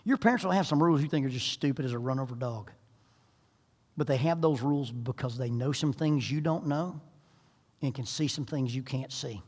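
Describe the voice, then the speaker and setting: A man's voice: mid-range voice, fairly quick, a little mellow. A middle-aged man preaching a sermon in a folksy, humorous storytelling manner. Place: church sanctuary. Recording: echoey church hall.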